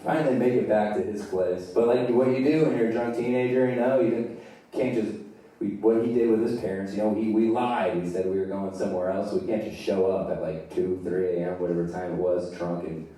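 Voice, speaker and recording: A man's voice: fairly low pitch, fairly even intonation, brisk, mellow. Laid-back young man telling stand-up, echoey. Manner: loose, swearing, laughing at his own story. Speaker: stand-up comedian. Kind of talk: live stand-up storytelling. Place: theater stage. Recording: echoey theater from far off.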